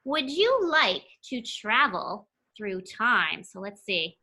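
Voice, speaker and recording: A young woman teacher reads a picture book to her class in a bright, clear voice. Her pitch leaps and dips a lot, but she keeps an unhurried pace. She drops playful, chatty asides to the children between the pages. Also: sing-song. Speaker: elementary school teacher.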